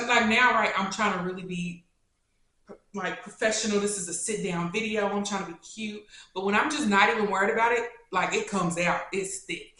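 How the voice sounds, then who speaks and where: A woman with a Kentucky accent, answering viewer questions in a casual, animated, slangy chat. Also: medium pitch, moderate pace. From Louisville, Kentucky. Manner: chatty and animated, with slangy asides. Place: indoors, sit-down video setup. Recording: very echoey room.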